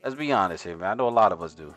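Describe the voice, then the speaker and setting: A man's voice: fairly low pitch, lively intonation, fast talker, fairly bright tone. Man, new york accent, livestream host, slangy and hyped, music faint behind. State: out of breath. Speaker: livestream host, day trader. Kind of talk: casual livestream chat.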